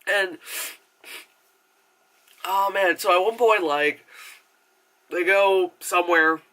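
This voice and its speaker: A man's voice: high voice, slow pace, bright, forceful tone. A man reviewing a movie in a casual, rambling rant, swearing freely and using lots of filler words. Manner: rambling, profane and chatty, full of filler words; acts out characters' lines in exaggerated voices.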